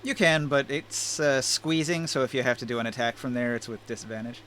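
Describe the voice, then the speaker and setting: A man's voice: mid-range voice, little pitch movement, fairly quick, fairly bright tone, slight background noise. A man running a tabletop game over voice chat, narrating in an easygoing, joking way. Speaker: game master.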